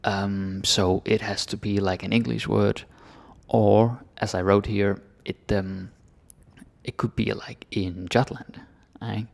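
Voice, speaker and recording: A man from Denmark gives a slow, casual pronunciation lesson with a gravelly, low voice. He jokes loosely and often trails off into whispers. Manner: relaxed, joking, drifts into whispers. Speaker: language teacher.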